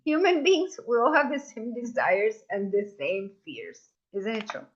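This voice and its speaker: An animated woman coaching a group, her voice swinging high and low as she acts out inner voices. She calls her listeners "you guys" and sounds a little higher than most. The sound is dull and lo-fi. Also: a little slow. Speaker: coach leading a masterclass. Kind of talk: live online masterclass talk.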